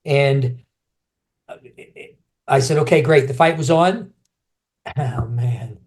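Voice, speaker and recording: A middle-aged former champion kickboxer recounts his stories in a casual interview, speaking slowly in a medium-pitched voice. He's animated, often starts over mid-sentence, and acts out other people's voices.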